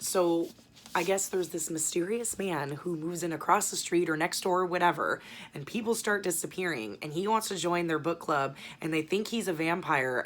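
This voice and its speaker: A woman's voice: deep voice, a little hiss or hum. A young adult woman chatting casually as a book vlogger, rambling and swearing now and then. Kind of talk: casual book haul chat.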